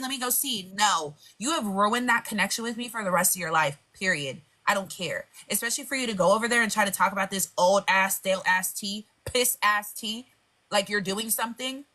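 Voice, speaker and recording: Woman, panel host, bright forceful tone, blunt, heated, swearing. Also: mid-range voice. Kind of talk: casual chat on a live panel.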